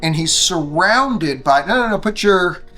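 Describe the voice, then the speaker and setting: A man's voice: high voice, animated, measured pace, bright, forceful tone. A man narrating as game master of a tabletop game, playful and teasing with his players. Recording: echoey room with faint music.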